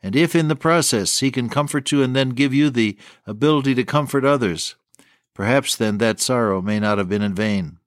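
An older man giving a radio sermon in a gentle, pastoral tone, speaking right to the listener. The sound is close and dry, with no room echo. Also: medium pitch, normal speed. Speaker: radio preacher.

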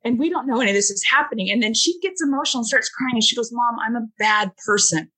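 A woman's voice: a little high, animated, racing, pushed and bright, slightly rough, poor audio. A woman in her forties, a podcast guest, telling a heartfelt family story with lots of fillers and quoted dialogue. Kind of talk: emotional storytelling in a podcast chat.

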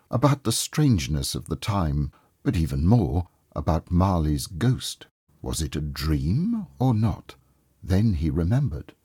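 A man reading a classic story aloud as storybook narration, in a calm, measured and expressive way. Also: low-pitched, slightly rough, dry recording, studio quality.

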